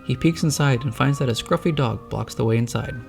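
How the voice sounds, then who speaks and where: A man narrating a novelized story in a steady, descriptive reading. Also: medium pitch, brisk, vocal fry, faint music behind.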